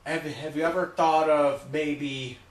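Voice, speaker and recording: Man vlogger, loud and emphatic, drawn-out delivery, roomy echo. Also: a little high, fairly even intonation. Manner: loud, repetitive, emphatic, keeps saying okay. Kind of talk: ranting monologue to camera.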